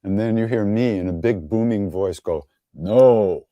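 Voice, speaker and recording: A man's voice: lowish voice, moderate pace, warm tone, dry recording, dull audio. A man hosting an online gathering, answering viewer questions in an easygoing, wry way, telling stories with many fillers and chuckles. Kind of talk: casual online Q&A storytelling.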